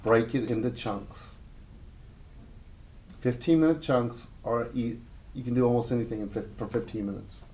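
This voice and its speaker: A man's voice: mid-range voice, moderate pace, pauses often, a little mellow. A man giving a live business workshop talk to a small audience in a room, speaking in short, punchy, conversational phrases and telling anecdotes.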